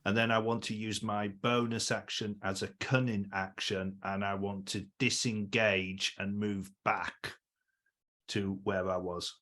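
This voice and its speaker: A man playing a tabletop game who lays out his turn step by step. His voice sits low and has a bright, forceful edge. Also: level tone, a little slow. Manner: explains rules step by step. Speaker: player.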